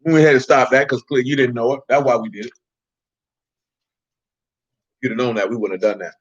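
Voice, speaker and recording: A man's voice: medium pitch, steady tone, a little fast. Slangy man preaching in a muffled recording. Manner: slangy, street-talk preaching; quizzes listeners by name. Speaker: Bible teacher. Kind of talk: informal Bible study sermon.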